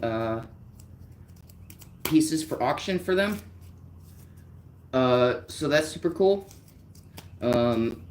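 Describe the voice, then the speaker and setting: A man's voice: medium pitch, a little hiss or hum. A man live-streaming while he paints. He chats casually with his viewers in a rambling, easygoing way, full of fillers. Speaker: artist livestreamer. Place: outdoors on a warm day.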